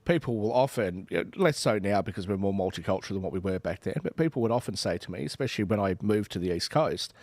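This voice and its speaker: An Australian man in his forties hosting a panel podcast, arguing in an animated way and acting out quoted exchanges. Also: on the low side, fast, few pauses, no echo. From Western Australia. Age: 40s. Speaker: podcast host.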